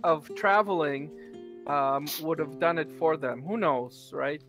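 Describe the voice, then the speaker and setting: Man, tabletop player, higher voice, hesitant, casual chat. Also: measured pace, fairly bright tone, faint music behind. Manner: hesitant, restarts often.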